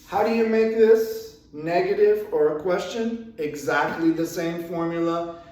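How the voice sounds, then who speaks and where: A man teaching an English grammar lesson, explaining slowly and patiently with repeated examples. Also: a little high, a little mellow. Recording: echoey room, far from the mic.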